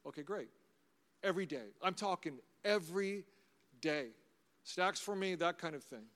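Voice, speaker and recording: In a high, animated voice at normal speed, a middle-aged pastor tells personal stories as part of his sermon. It feels conversational and anecdotal, warmly funny, with the lengthy reverb of a large hall.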